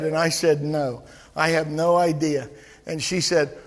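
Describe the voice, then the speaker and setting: A male pastor preaching a sermon in a church, animated and full of stammered restarts as he acts out quotes. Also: a little high, unhurried, long reverb tail.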